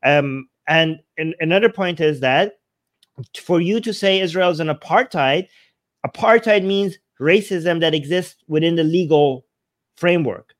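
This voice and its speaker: A man's voice: a little high, a little slow, no echo. Earnest man with a dry close sound. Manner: earnest, talks in restarts. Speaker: host. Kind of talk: casual reaction commentary.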